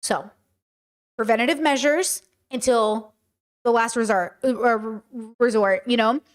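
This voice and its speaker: A woman's voice: on the high side, measured pace. A woman hosting a podcast, reacting to clips with emphatic casual commentary and repeating words for effect.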